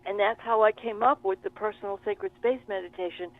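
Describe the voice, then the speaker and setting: A woman guest in an interview, telling stories in an animated, expressive way. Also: medium pitch, brisk. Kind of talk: interview conversation. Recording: tinny phone line.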